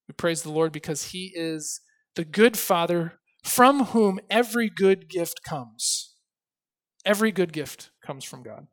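A pastor preaching a sermon, emphatic, slowing down to stress key phrases and swinging between loud and soft. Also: male voice, on the high side. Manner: reads scripture aloud with expression.

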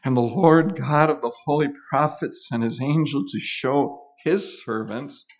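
A man's voice: medium pitch, a little slow. A male preacher delivers a sermon in a mid-range voice. He teaches earnestly and leans hard on key words, pressing each point home. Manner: earnest, emphatic teaching with rising stresses.

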